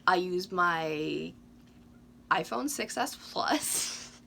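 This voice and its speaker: A woman in her twenties chatting casually to camera with lots of ums, a little hoarse from losing her voice. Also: on the low side, expressive, extremely slow, fairly bright tone, slight background noise. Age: 20s. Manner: chatty, frequent ums, candid. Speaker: doll collecting YouTuber.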